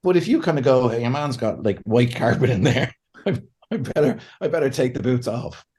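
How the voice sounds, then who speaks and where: A man, a pastor and counselor, talking as a podcast guest in a lively way, often laughing and acting out what people say. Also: medium pitch, brisk. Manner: animated, laughs often, acts out quotes. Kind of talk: conversational podcast interview.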